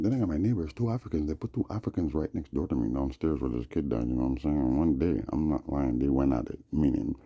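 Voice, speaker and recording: A man's voice: very deep voice, dark tone, breathy edge. A man, talking in a rambling monologue that slides between chanted praise and loose storytelling, with "you know what I'm saying" coming up again and again. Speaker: vlogger. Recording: dull lo-fi recording.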